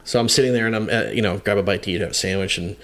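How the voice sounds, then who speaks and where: A man in his fifties, a firefighter guest, telling a story in a casual interview, halting with many fillers and restarts, candid and self-deprecating. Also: fairly low pitch, fairly bright tone.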